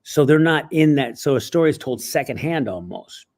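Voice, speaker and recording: A male writer and actor telling stories in an interview, animated and acting out bits along the way. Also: medium pitch, normal speed. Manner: animated, acts out voices, frequent restarts. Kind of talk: interview storytelling.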